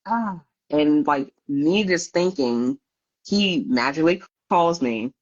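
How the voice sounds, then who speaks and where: A lively woman guest tells her own story in a candid interview, often laughing and putting on the voices of others. Her voice is on the low side yet swings widely in pitch. The audio sounds a little dull and lo-fi. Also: slow pace. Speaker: podcast guest.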